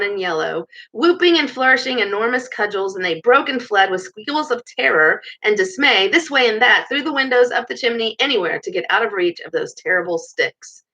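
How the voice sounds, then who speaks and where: A woman reading a children's novel aloud in a lively way, with chatty asides, in a muffled recording. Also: a little high. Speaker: storybook reader.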